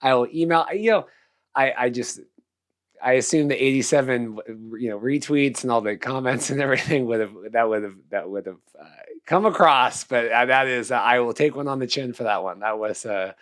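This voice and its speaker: A man co-hosting a podcast in casual chat, animated and laughing as he talks. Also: mid-range voice, a little fast. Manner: animated, laughs while talking. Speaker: podcast co-host.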